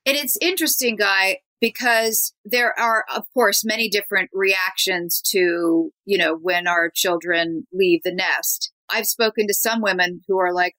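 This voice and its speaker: A woman's voice: mid-range voice, fairly even intonation, a little slow, few pauses, bright, forceful tone, poor audio. A woman hosting a talk show, introducing her guests and asking them questions in a chatty way. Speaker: podcast host.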